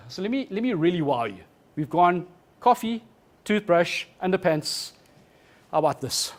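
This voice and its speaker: Fast-talking, joking male keynote speaker. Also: high voice, expressive. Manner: fast, joking, quizzes the audience. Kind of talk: live keynote talk. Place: conference stage before an audience.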